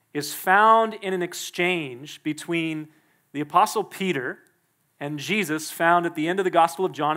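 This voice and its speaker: A male pastor preaching a sermon in a church, emphatic and quick to act out the people he quotes. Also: fairly high pitch, sharp tone. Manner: emphatic, acts out the quoted speakers.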